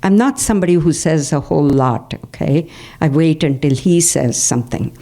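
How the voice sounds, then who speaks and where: An older woman tells personal stories to a spiritual group in a community hall, often pausing with fillers and checking in with "okay?". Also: sits low, expressive, dark tone. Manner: anecdotal, frequent fillers and "okay?" check-ins. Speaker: devotional speaker.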